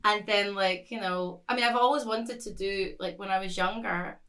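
A woman's voice: medium pitch, fairly even intonation, normal speed, a bit bright. A woman chatting casually as a podcast guest, rambling with lots of "like" and frequent laughter. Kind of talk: casual chat.

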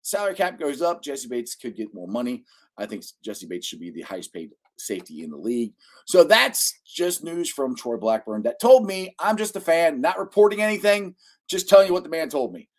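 A man hosting a casual sports podcast, chatty and excitable, laughing often. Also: fairly high pitch, brisk. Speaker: podcast host.

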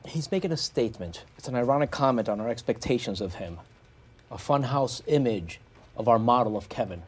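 An actor playing a dry, analytical male office coworker who explains things quickly and wordily in a sitcom. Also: medium pitch, expressive, a little mellow, husky.

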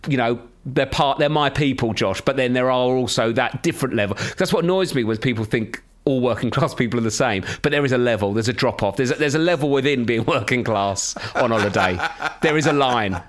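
A man's voice: mid-range voice, brisk. An English man co-hosting a casual chat podcast, telling stories with laughter and swearing. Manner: animated storyteller, swears, laughs often. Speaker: podcast co-host.

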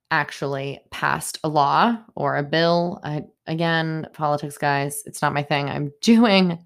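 A young woman hosting a solo podcast, rambling stream-of-consciousness style with many fillers, upset and indignant as she talks. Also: sits low. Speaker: podcast host. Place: home in Boston.

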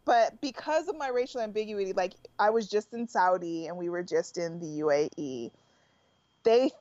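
A woman with an American accent hosting a podcast, chatting in a relaxed way with lots of fillers. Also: medium pitch, moderate pace, no echo, muffled recording. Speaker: podcast host. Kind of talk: casual conversational interview.

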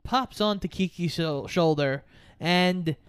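A man's voice: high voice, takes it slowly, clear, resonant tone. A man casually chatting about a movie plot in a sardonic, joking way, with some swearing. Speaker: podcast co-host. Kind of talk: casual movie recap chat.

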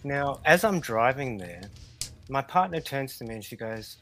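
A man's voice: medium pitch, expressive, moderate pace, pushed and bright, poor audio. A man co-hosting a talk show, blunt and emphatic as he tells stories. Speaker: co-host. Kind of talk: casual talk-show banter.

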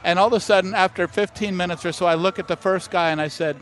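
A man's voice: sits high, fast talker. A middle-aged man, a master distiller, telling anecdotes in a casual interview and acting out the people in them. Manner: animated anecdote-teller who acts out quoted voices.

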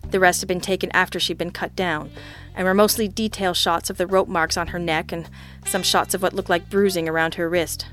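A woman's voice: fairly low pitch, steady tone, a little fast, a bit bright, soft background music. A woman narrating a first-person hard-boiled detective story in a wry, sardonic, teasing manner. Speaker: audiobook narrator.

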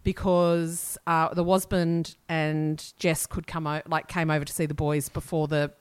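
A woman's voice: low-pitched, flat delivery, unhurried, clear, resonant tone. An Australian woman in her forties, co-hosting a podcast, telling rambling stories in casual chat and laughing often. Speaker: podcast co-host.

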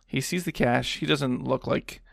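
A man's voice: medium pitch, measured pace, creaky, no echo, clean studio sound. A man hosting a podcast alone, recapping a film scene in a rambling, casual way with lots of fillers. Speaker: podcast host.

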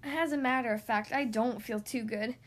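A woman putting on a worn-out storybook mother, polite but weary. The voice sits high and is gently strained. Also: moderate pace, lightly acted.

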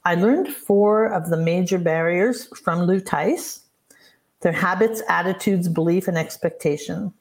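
A woman in her sixties, a business coach, appears as a podcast guest and tells personal stories in an earnest, reflective way. Her voice is lowish and unhurried.

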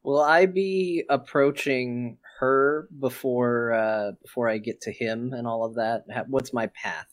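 A man's voice: mid-range voice, unhurried, few pauses. A man playing a tabletop game, asking careful questions of the game master. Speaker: player.

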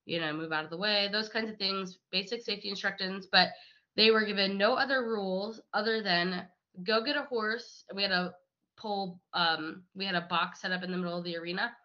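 A young adult woman, a riding instructor, telling a story in a chatty, animated way over a video call, with lots of "like" and easy laughter. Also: mid-range voice, brisk. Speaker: riding instructor and horse manager, guest. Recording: slightly dull lo-fi call audio.

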